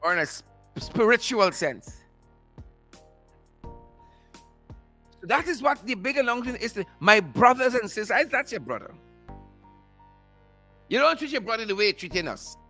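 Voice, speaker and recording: A man's voice: high-pitched, very animated, unhurried, long pauses, pushed and bright, soft background music. A man hosting a political commentary show, mocking and repeating phrases for emphasis. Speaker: show host.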